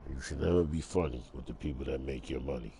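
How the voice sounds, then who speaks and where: A man's voice: a bass voice, quick pace, vocal fry, warm tone, a little hiss or hum. A man ranting casually to camera in a streetwise, emphatic way. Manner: streetwise, emphatic, repeats "bro". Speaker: vlogger.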